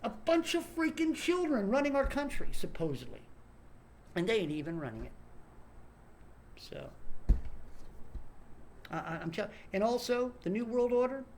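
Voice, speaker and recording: A man's voice: extremely high pitch, big pitch swings, normal speed, creaky, pauses often, a little mellow, slight background noise. A man in an angry, swearing political rant who keeps stumbling over and repeating words. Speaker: online commentator.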